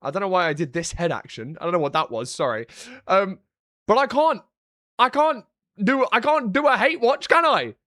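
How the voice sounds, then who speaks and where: Close and dry on the mic, a young man from Britain rambles through casual live-stream chat, his high, bright, forward voice swinging quickly from flat sarcastic jokes to bursts of excitement. He works as a streamer and analyst.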